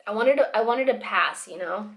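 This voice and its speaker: A woman's voice: medium pitch, expressive, moderate pace, creaky, lo-fi sound. A pregnant young woman talking in a casual video diary, rambling with restarts and laughter into a camera mic. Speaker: vlogger.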